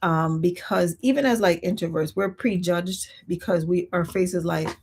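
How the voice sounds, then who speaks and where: A woman hosting a livestream, telling stories in a chatty, expressive way and reading viewer comments aloud. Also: on the low side, normal speed, slightly rough. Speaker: livestream host. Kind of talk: casual storytelling chat.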